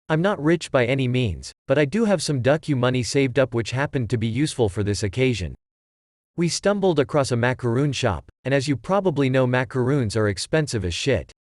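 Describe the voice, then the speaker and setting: A man with a mid-pitched voice reads a first-person story aloud in a plain storytelling manner. The recording is dry and close to the mic. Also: darkish tone, dry recording. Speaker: story narrator. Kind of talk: scripted first-person narration.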